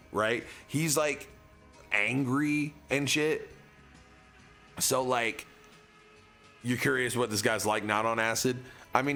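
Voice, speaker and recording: A man's voice: medium pitch, bright, forceful tone. A young man streaming, telling a long casual story in a rambling way, full of filler words.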